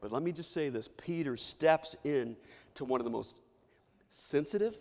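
A man's voice: on the high side, normal speed, darkish tone. Man preaching in a reverberant church. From Kentucky. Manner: storytelling, mimics imagined voices. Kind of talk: sermon. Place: church sanctuary. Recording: long reverb of a church hall.

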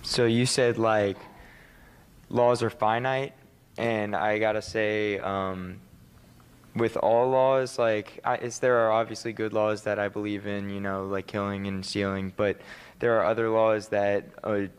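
A man from the audience asks a question casually, with fillers like "like" and "you know". His low voice is smooth and flat. A long hall reverb follows every phrase. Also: measured pace. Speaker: audience member asking a question. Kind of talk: Q&A question from the floor.

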